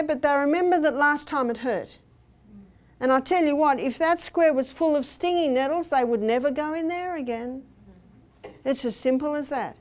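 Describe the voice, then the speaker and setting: An older woman speaking at a health seminar, telling personal stories and acting out what people said. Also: high-pitched. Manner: storytelling, acts out quoted speech. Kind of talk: seminar talk with personal anecdotes. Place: hotel meeting room.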